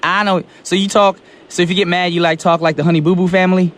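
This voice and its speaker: This young radio DJ talks fast in a high voice, bantering with a caller as he recovers from a sore throat. He's energetic and talkative and laughs easily, speaking into a studio microphone in a radio studio.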